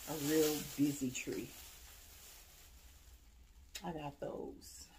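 A woman showing off holiday decorations she bought, talking casually and excitedly straight to her viewers. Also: sits low, drawn-out words, noisy background. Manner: enthusiastic, addresses viewers directly, exclaims over items. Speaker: home decor vlogger. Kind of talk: casual haul show-and-tell.

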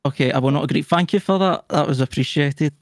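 A man's voice: fairly high pitch, fast talker, no room sound, studio quality. A man with a Scottish accent, rambling and swearing in self-mocking banter as a contestant in a casual voice chat. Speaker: viewer contestant.

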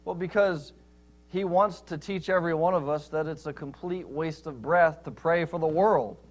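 A man preaching a sermon, pastor of a church, emphatic with rhetorical questions, swinging between loud stress and quiet scripture reading. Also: a little high, normal speed.

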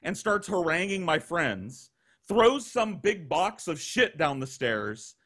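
Animated, profane male storyteller on a call. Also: a little high, slow. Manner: profane, animated, acts out quoted voices. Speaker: guest storyteller. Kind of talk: casual storytelling on a podcast.

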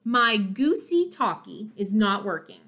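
A woman's voice: medium pitch, sing-song, measured pace. A woman reading aloud, voicing a friendly, quirky neighbor woman in a welcoming tone. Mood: apologetic. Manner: bright and welcoming.

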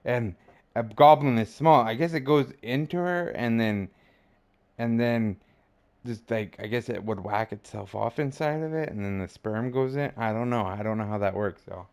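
A man from Canada doing excitable let's-play commentary, trash-talking the enemies he fights and rambling into jokes. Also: mid-range voice, moderate pace, clear, resonant tone. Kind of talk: live gameplay commentary. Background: game music.

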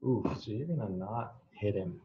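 A man's voice: lowish voice, lively intonation, mellow. A young man acting as game master for a tabletop game, talking casually and laughing as he makes up rules. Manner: casual, quick to laugh, improvising rules on the fly. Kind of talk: running a tabletop game over a video call. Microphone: video call. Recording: muffled video-call audio.

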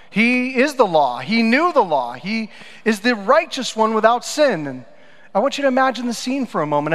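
A long hall reverb fills the church sanctuary as a pastor preaches his sermon in a fairly high voice. He tells stories, moving back and forth between forceful, loud statements and hushed, low asides.

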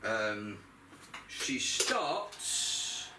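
A man's voice: lowish voice, sing-song, drawn-out words, distant mic, noisy background. A man talking viewers through a moped repair as he works, in a rambling, chatty way with asides to the audience. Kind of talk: chatty workshop commentary while working. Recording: echoey garage, voice off-mic.

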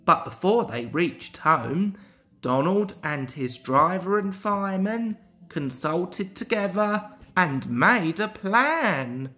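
A man's voice: high-pitched, expressive, slow pace, sharp tone. A young man reading a children's railway storybook aloud, carefully. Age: young adult.

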